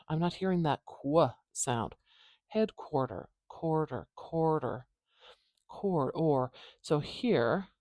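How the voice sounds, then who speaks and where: A Canadian-accented teacher walks through pronunciation at an unhurried pace. The speaker says sounds over and over, stretching them out for the listener. The recording is close and dry, with no room sound. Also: medium pitch, a little mellow, dry recording. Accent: Canadian English. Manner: patient, demonstrates sounds by repeating them slowly. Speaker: phonetics teacher. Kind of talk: casual tutorial explanation.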